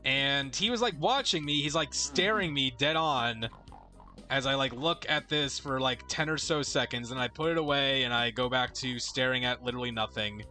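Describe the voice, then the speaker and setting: A man's voice: mid-range voice, normal speed, pushed and bright, soft background music. A young man casually telling a long story while gaming, rambling and swearing, often cutting himself off mid-sentence. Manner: rambling, profane, self-interrupting. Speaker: let's play co-host.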